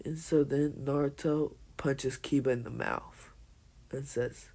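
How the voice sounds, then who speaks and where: A man telling a casual, made-up fan story in a halting way, full of restarts and fillers. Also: medium pitch, steady tone, a little mellow. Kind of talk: casual fan-fiction narration.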